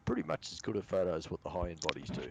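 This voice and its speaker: A man's voice: low-pitched, lively intonation, racing, gravelly, background noise. An Australian man hosting a live stream, chatting in a rambling, laid-back way with many restarts. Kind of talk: casual live-stream chat.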